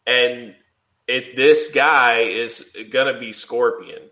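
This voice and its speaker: A man's voice: mid-range voice, takes it slowly, bright, forceful tone, echoey room. A man co-hosting a casual podcast chat, rambling with lots of fillers. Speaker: podcast co-host.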